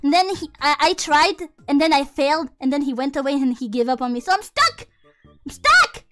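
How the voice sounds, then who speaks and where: A woman's voice: high voice, fairly even intonation, fast, over loud music. A woman streamer chatting casually and playfully with her viewers, swearing often and reading chat aloud. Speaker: VTuber streamer.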